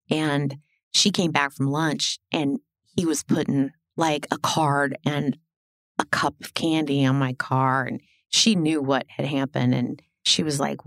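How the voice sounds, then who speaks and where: Middle-aged woman, podcast guest, very low voice, blunt animated storytelling. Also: no echo, clean studio sound. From Illinois. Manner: animated, swearing, acts out quoted dialogue. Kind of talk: casual storytelling interview.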